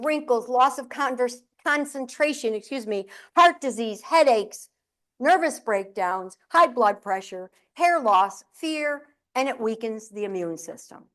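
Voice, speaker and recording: A middle-aged woman with a fairly high voice delivering a comic keynote to a live audience. She tells lively anecdotes and jumps in and out of acted-out quotes. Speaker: keynote speaker and humorist. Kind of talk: humorous keynote storytelling. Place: live event venue.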